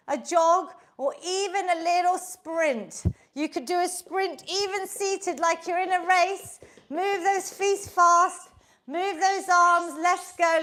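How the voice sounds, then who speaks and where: Woman, fitness instructor, high voice, slow measured delivery, encouraging, a bit out of breath. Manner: upbeat and encouraging, counting down reps. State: slightly out of breath. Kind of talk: live online workout class instruction.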